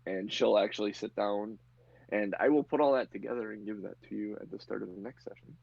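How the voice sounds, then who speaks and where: A man narrating a tabletop game as game master, relaxed and chatty. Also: on the low side, a little fast, gravelly, husky, no echo. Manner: relaxed, chatty, laughs easily. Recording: lo-fi muffled audio.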